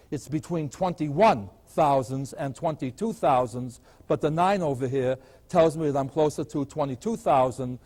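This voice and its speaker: An older man teaching math at a blackboard, his voice sitting a little high for a man. He explains each step patiently and keeps asking the class rhetorical questions as he goes. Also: darkish tone. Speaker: math professor. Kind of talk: chalkboard math lecture.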